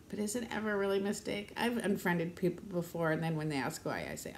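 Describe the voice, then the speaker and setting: Chatting to camera, this woman in her fifties rambles on animatedly at a fairly quick clip with few pauses, laughing frequently and using high baby-talk with her dog. She's a vlogger, and there's a little hiss or hum.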